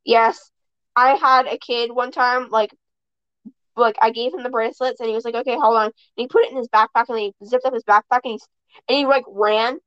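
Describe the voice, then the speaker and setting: A woman's voice: on the high side, fairly even intonation, brisk, fairly bright tone, clean tone, no echo. A woman hosting a podcast and chatting casually, telling rambling stories that restart mid-sentence. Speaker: podcast host. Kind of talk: casual chat. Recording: dull, dry sound.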